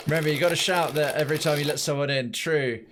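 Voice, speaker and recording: A man's voice: on the high side, quick pace, background noise. A man giving casual, jokey commentary while playing a game, thinking aloud and swearing now and then. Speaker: let's play streamer.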